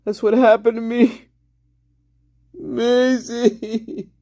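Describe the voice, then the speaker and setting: A man's voice: very high-pitched, flat delivery, very slow, dark tone, no room sound. A man host rambling through an erratic, crude solo monologue, often breaking into laughter. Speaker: channel host.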